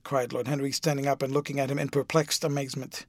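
A man narrating an audiobook of a classic novel in a measured, expressive way. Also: medium pitch, no room sound, clean studio sound.

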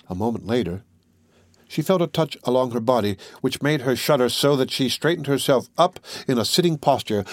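A man narrating a classic novel in a measured, even reading style. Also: medium pitch, no echo, clean studio sound. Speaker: audiobook reader.

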